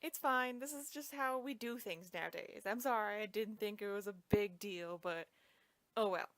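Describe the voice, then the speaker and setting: A woman's voice: mid-range voice, normal speed, natural voice. A woman voicing a laid-back male president in a casual, offhand way, with no echo. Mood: breezy. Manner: relaxed, offhand.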